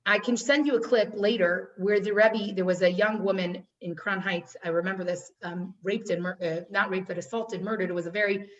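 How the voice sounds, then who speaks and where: Woman teacher, earnest storytelling, repeats for emphasis, mid pitch, distant mic. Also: steady tone, brisk, few pauses, highs cut off. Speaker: class teacher. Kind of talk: teaching a class.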